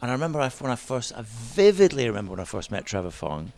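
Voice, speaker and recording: A man, a DJ guest, telling lively stories in a chat and mimicking other people's voices as he goes. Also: medium pitch, fast. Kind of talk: animated storytelling chat.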